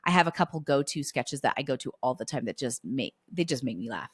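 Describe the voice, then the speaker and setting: A woman's voice: a bass voice, animated, fast talker, breathy edge, no echo. A woman in her forties hosting a solo podcast, chatting casually and encouraging listeners with stories and quoted dialogue. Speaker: podcast host.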